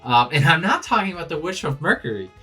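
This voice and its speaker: Excitable man reacting to a manga. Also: on the high side, quick pace, breathy edge, faint music behind. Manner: excitable, laughing, swears freely. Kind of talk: casual reaction commentary.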